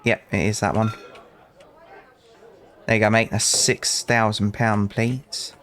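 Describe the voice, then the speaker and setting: A young British gaming channel host speaks slowly in a fairly low, slightly bright voice with little pitch movement. His casual let's play commentary involves chatting to customers and telling rambling stories laced with dry humor.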